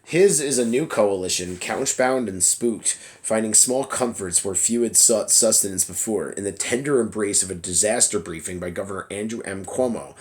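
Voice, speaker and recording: A man's voice: fairly low pitch, normal speed, few pauses. A man blogging casually about politics from his phone, reading an article aloud in a loose, chatty way with plenty of fillers and self-deprecating laughs. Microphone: phone camera app.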